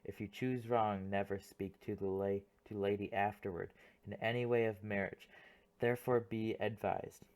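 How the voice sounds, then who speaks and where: A man voicing a composed, firm noble young woman, formal and measured in an audiobook play reading. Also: fairly low pitch, fairly even intonation, darkish tone, lightly acted.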